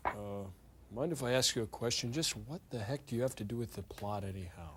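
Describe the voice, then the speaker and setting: A man's voice: mid-range voice, brisk, noisy background. A man riffing on a movie with sarcastic wisecracks.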